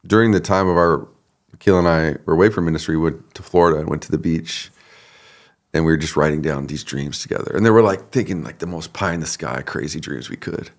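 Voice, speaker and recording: Male pastor guest, very low gravelly voice, relaxed storyteller who laughs easily. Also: fast. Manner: relaxed, laughs often, acts out quoted people. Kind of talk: conversational storytelling.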